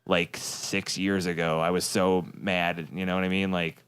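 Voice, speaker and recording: Chill podcast guy, kinda low voice, smooth, dry close mic. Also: level tone, unhurried, a bit bright, no room sound. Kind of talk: casual podcast chat.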